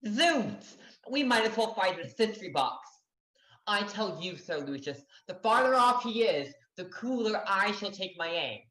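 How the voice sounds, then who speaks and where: A woman's voice: mid-range voice, sing-song, unhurried, fairly bright tone. A woman acting a nervous young country squire who stammers and blusters in a live online play. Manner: stammering, anxious blustering oaths. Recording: echoey room over video call.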